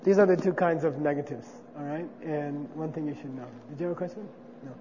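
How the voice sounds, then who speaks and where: A man lectures a class in a relaxed, conversational way, often checking in with his listeners. His voice sits fairly high for a man. The sound is dull and lo-fi, with a long hall reverb and faint noise behind. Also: quick pace. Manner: conversational, checks in with frequent 'okay?'. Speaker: teacher. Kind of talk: classroom lecture on Buddhist philosophy.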